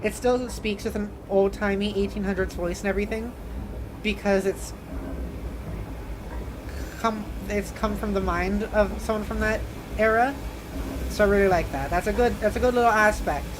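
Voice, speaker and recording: A woman's voice: medium pitch, fairly even intonation, normal speed, long pauses, noisy background. A young woman streamer giving casual, jumpy commentary on a horror game and talking to her chat. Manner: chatty and jumpy, talks to chat.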